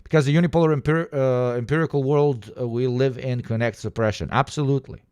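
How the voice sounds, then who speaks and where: Man, livestream commentary, profane, ranting, joking, mid pitch, dry close sound. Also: steady tone, quick pace, a little mellow, smooth, dry recording. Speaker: streamer reacting to clips.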